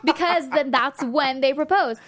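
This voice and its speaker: A woman with a bright, high-pitched voice co-hosts a fan after-show. She talks in a chatty, casual way, thinking out loud and giggling between points. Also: measured pace. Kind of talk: casual chat.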